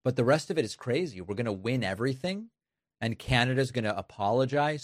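A man's voice: mid-range voice, animated, a little fast, no room sound, clean studio sound. A man giving sarcastic political commentary on news clips, mocking what he plays.

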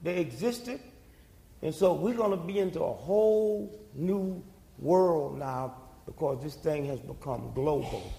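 A man's voice: on the high side, animated, a little slow, vocal fry, mellow. An older man, giving a preaching-style public talk full of rhetorical questions and call-and-response. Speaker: speaker at a community talk. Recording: long hall reverb.

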